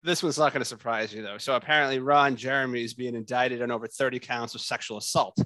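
A man's voice: mid-range voice, steady tone, fast talker, bright, forceful tone, no echo. A man co-hosting a podcast in casual chat, bluntly bringing up and reading news items. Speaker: podcast co-host.

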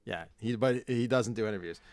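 A man's voice: lowish voice, a little fast, a little hiss or hum. A man in his thirties hosting a podcast, telling rambling stories and swearing freely in casual chat. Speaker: podcast host.

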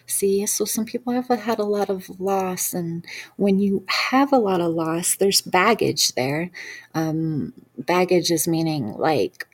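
A woman's voice: on the low side, slow. A woman practitioner telling a personal story in an earnest, rambling way with many fillers. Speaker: hypnosis practitioner.

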